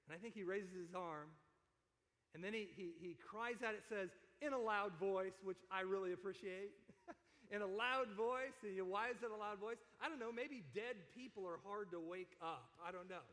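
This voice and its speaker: A man with a high voice preaches to his congregation, keeping it casual and joking as he retells scripture. He builds to loud emphasis on his key points. His voice carries the long reverb of a big hall. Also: normal speed. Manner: conversational and joking, paraphrasing scripture in everyday speech. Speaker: pastor. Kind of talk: sermon.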